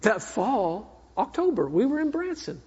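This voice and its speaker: A man preaching a sermon as a minister, telling a personal story in an earnest way that swings between fervent and hushed. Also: sits high, sing-song, measured pace, husky. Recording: echoey hall, dull sound.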